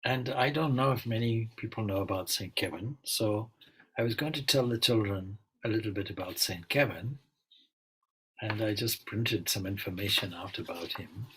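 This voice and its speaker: A man, a swami, giving an informal spiritual talk and telling stories in a relaxed, musing way with frequent asides. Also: fairly low pitch, moderate pace, slight background noise, low-quality recording. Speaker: swami leading a spiritual gathering.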